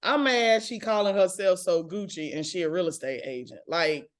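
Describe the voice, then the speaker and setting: A woman from Mississippi, co-hosting a casual chat recapping reality TV, blunt and animated and quick to laugh. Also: lowish voice. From Mississippi, USA. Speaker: podcast co-host.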